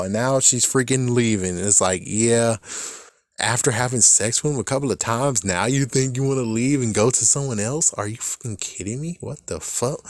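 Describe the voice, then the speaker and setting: A man giving a casual, profanity-laced recap of a TV series, animated and breaking into laughter now and then. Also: mid-range voice, no echo, clean studio sound. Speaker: show recap vlogger. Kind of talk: casual reaction rant.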